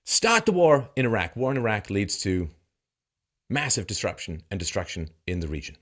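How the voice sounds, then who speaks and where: A man's voice: fairly low pitch, sing-song, normal speed, a bit bright. A man delivering a political commentary monologue, mocking and sarcastic, firing off heated rhetorical questions. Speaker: commentary host.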